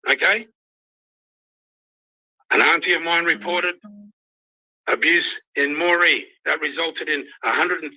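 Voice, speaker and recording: A man's voice: on the high side, pushed and bright. An angry, emotional Australian man ranting on a livestream, swearing constantly. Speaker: youth worker ranting on a livestream. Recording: dull lo-fi livestream audio.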